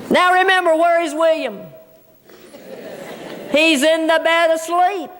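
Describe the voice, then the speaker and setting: A woman's voice: extremely high pitch, unhurried, pauses often, fairly bright tone. A woman giving a humorous storytelling speech to a large audience. She talks folksy and keeps addressing them as folks. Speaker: keynote speaker. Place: large auditorium. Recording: long hall reverb.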